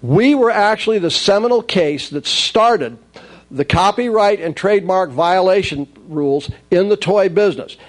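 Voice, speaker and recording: A man telling wry, lively stories from his career in the toy business, acting out the dialogue as he goes. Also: high voice, normal speed. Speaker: speaker recounting his toy industry career. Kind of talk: anecdotal storytelling talk.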